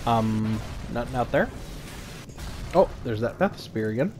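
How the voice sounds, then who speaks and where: A man providing let's play commentary in a calm, understated voice of middling pitch. He sounds less excited than he is, musing to himself and stumbling over small repeats. A soft background hiss runs underneath. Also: a little slow. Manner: low-key, flat delivery despite interest; thinks aloud, frequent small repeats. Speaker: gaming channel host.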